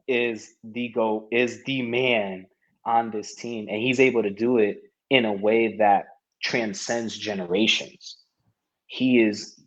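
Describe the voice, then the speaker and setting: A man in his thirties with a low voice tells his story as a podcast guest, chuckling often and voicing the people in it. The audio sounds dull and lo-fi. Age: 30s. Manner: animated storyteller who laughs often and acts out quoted lines. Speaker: podcast guest, martial arts competitor. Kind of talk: casual interview storytelling.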